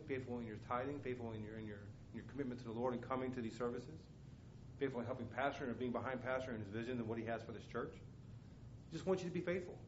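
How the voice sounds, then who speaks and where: A man's voice: medium pitch, noisy background. A man preaching a sermon as a missionary, telling stories with passion, acting out voices and repeating words. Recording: echoey room, dull lo-fi sound.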